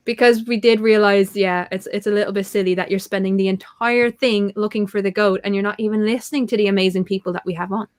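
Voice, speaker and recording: Bubbly woman hosting a live chat show, fairly high voice, quick to laugh. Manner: bubbly, chatty, laughs often. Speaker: host. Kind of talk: casual livestream chat.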